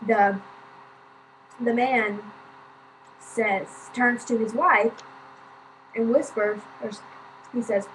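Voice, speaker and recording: A woman's voice: a little high, steady tone, slow, long pauses, a bit bright, a little hiss or hum, poor audio. A woman vlogger telling a story in a chatty, casual way, with lots of fillers and swearing.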